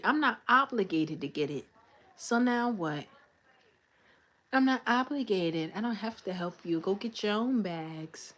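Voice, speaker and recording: Young woman, livestream chat, lively rising and falling pitch, fairly high voice. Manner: animated storytelling, acts out coworkers and manager. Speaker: livestream host. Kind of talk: casual livestream chat with viewers.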